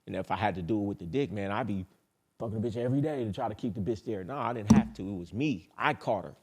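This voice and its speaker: A man's voice: on the low side, fast, slightly rough. A man hosting a dating advice talk in a casual monologue, blunt, boastful and profane, who repeats his points for emphasis.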